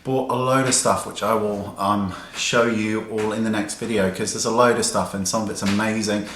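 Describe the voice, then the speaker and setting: A man with a fairly low voice tells a story in a chatty, animated and indignant way. The room around him echoes noticeably, and a faint hiss sits under the voice. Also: moderate pace. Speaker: makeup artist vlogger. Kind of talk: casual storytelling rant.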